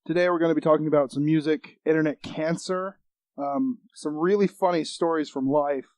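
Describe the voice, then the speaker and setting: A young man co-hosting a casual podcast, joking around and telling stories in a quick, animated way. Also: a little high, no echo. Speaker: podcast co-host. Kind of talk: casual chat. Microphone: studio mic with monitor.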